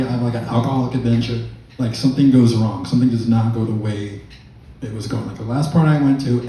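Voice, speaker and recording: A man's voice: medium pitch, warm tone, slight background noise. A man telling a stand-up comedy story, rambling with fillers and laughing through his lines. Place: comedy club stage with audience laughter. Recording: echoey room, mic far off.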